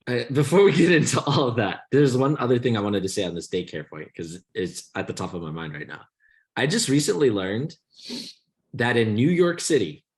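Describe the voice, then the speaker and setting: A young man co-hosting a podcast, telling long rambling stories in casual chat and swearing freely as he mocks the people in them. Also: on the low side. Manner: rambling storytelling, swears freely, mocking quoted voices. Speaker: podcast co-host.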